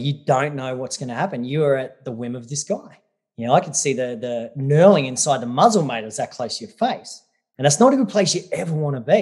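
A man tells his adventure stories as a guest on an interview show. His manner is blunt and easygoing, full of swearing and mate, at a middling pitch. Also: darkish tone, slightly rough. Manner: blunt, swears freely, says mate a lot. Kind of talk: casual interview storytelling.

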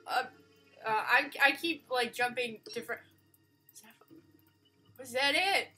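A woman giving live gameplay commentary, excitable and gushing, with frequent exclamations and casual swearing. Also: a little high, measured pace, faint music behind. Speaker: let's player.

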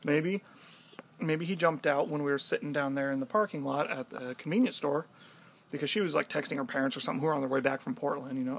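A young man casually telling a story to the camera, animated and swearing freely. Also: fairly high pitch, fast talker, gravelly, breathy edge. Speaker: vlogger.

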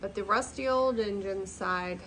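Gravelly grandmother reading a story. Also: medium pitch, slight background noise, poor audio. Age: older. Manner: expressive, gentle read-aloud. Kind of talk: reading a picture book aloud. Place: seated in a chair at home.

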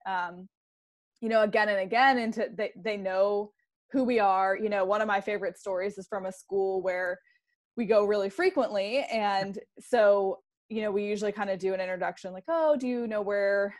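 A woman's voice: mid-range voice, steady tone, normal speed. A woman hosting an interview, chatting enthusiastically and acting out children's voices in her stories. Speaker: program host and interviewer. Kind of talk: casual interview chat.

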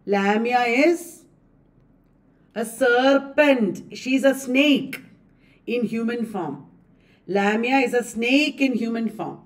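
A woman's voice: on the high side, takes it slowly, pauses often, distant mic. A woman coaching students for an English literature exam. She quizzes them, keeps asking questions and repeats the answers. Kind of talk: exam-prep lecture.

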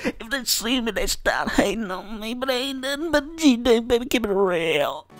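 A man voicing a swaggering, laid-back male gangster type with a slow, slangy drawl. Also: extremely high pitch, lively intonation, fairly bright tone, faint music behind, pitched above the performer's own voice. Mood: boastful.

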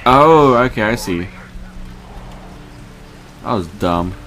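A man's voice: on the low side, animated, measured pace, a bit bright, soft background music, rough recording. A young man casually commentating a shooter game, joking crudely and reacting aloud to what happens on screen. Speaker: gaming channel host. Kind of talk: casual let's play commentary.

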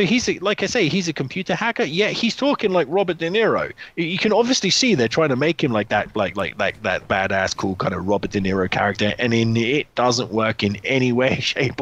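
A man's voice: mid-range voice, a bit bright, lo-fi sound. A man co-hosting a podcast, chatting casually about films, blunt and swearing freely, with many restarts. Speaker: podcast co-host. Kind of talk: casual film chat.

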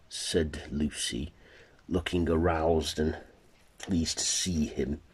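A man narrating an amateur horror fan story in a plain, halting way. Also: very deep voice, steady tone, slightly rough. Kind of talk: amateur fan-fiction reading.

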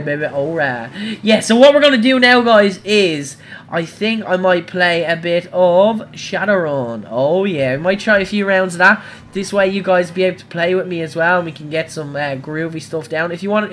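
Bright, excitable gaming streamer. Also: male voice, high voice, a little hiss or hum. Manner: excitable, cries out at crashes and wins. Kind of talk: live gameplay commentary.

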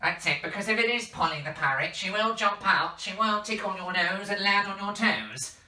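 A woman's voice: mid-range voice, animated, moderate pace, sharp tone, reverberant, distant mic. A woman putting on a funny voice as a playful, hammy pirate. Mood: teasing.

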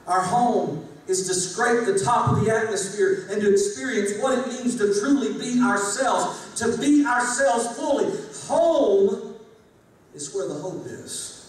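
A man in his forties, a former pastor, speaking to an audience in a rhythmic preaching cadence that swings from loud to hushed. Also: high voice, moderate pace, hardly any pauses. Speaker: former pastor giving a talk. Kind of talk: preacher-style speech to an audience. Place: large hall with a live audience. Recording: echoey hall from far off, faint noise.

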